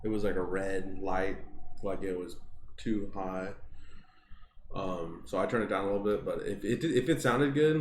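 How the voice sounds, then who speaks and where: A deep-voiced podcast co-host chats casually at a normal speed, rambling with plenty of fillers and swearing. The recording is reverberant with a little hiss or hum.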